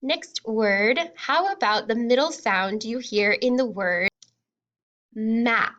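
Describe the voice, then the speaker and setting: A woman teaching a phonics lesson to young children, sounding out words slowly and cheering them on. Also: fairly high pitch, a bit bright, highs cut off. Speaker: kindergarten teacher.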